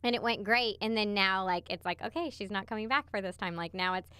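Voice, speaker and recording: A woman's voice: medium pitch, brisk, sharp tone, clear, resonant tone, no room sound. A young woman co-hosting a coaching podcast, chatty and full of "like" as she talks. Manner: chatty, heavy use of "like". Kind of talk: casual chat.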